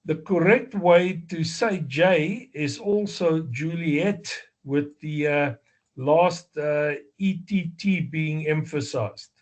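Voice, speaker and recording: A man with a South African accent giving a slow, deliberate exam review lecture, explaining step by step with fillers and self-corrections. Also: fairly high pitch. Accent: South African English. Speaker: amateur radio exam instructor.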